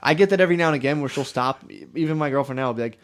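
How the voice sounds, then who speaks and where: A man's voice: on the high side, very fast. A man co-hosting a comedy podcast in casual banter, swearing a lot and joking. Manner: profane, joking banter with frequent "dude". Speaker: podcast co-host.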